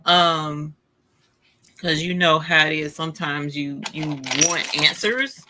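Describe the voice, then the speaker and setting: A man's voice: fairly high pitch, slow pace, noisy background. A man hosting a casual livestream, greeting viewers by name and talking with playful exasperation. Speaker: livestream host. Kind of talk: casual live-stream chat with viewers.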